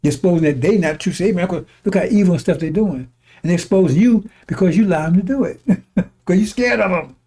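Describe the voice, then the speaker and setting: A man's voice: high-pitched, fast talker, warm tone, breathy edge. A man preaching a fiery religious broadcast sermon, scornful and mocking, often laughing and repeating his phrases.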